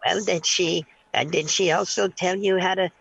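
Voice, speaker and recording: A man's voice: high-pitched, steady tone, normal speed, vocal fry, a bit bright, breathy edge, dull audio, exaggerated voice. A man playing a pushy 87-year-old woman on a prank call, sweetly insistent and calling everyone dear. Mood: sweetly crude. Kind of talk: prank call role-play.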